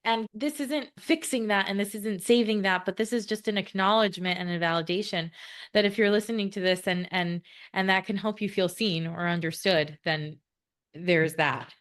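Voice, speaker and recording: A woman's voice: medium pitch, normal speed, a bit bright. A woman co-hosting a podcast, talking in an earnest, reflective way and explaining ideas at length. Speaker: podcast co-host.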